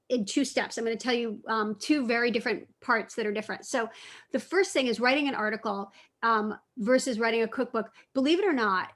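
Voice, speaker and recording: Middle-aged woman author, slightly high voice, chatty and self-correcting, casual talk with kids. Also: a bit bright. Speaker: cookbook author and food writer. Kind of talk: casual talk answering students' questions.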